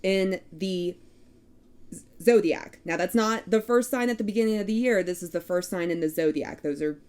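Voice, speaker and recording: A woman with a Texan accent, co-hosting a casual chat and reading through lists of traits in a steady cadence. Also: on the low side, normal speed, clear, resonant tone. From Texas. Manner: reads list of traits in a steady cadence, laughs at herself. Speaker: podcast co-host.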